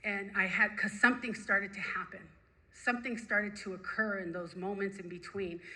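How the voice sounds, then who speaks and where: A woman sharing her personal recovery story with a group, animated and emphatic, repeating phrases for effect. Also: medium pitch, normal speed, rough recording. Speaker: recovery meeting speaker.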